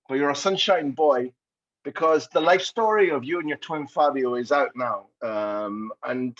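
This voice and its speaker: A man's voice: a little high, highs cut off. A Scottish man hosting a podcast interview, asking questions in a playful, jokey way. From Scotland.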